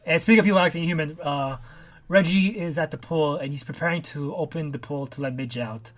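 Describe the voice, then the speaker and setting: A man talks quickly in a slightly high voice. He co-hosts a casual podcast and walks through a story's events one by one. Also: a bit bright. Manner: retells the comic's plot step by step. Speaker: podcast co-host.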